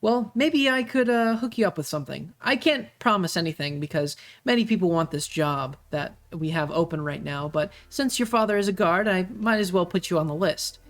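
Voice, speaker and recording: Game master doing a fussy little gnome guy, flustered, stumbles on words, mid pitch. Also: animated, normal speed, few pauses, lightly acted. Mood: considering. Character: fussy gnome man with pencil mustache. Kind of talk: tabletop game character voice.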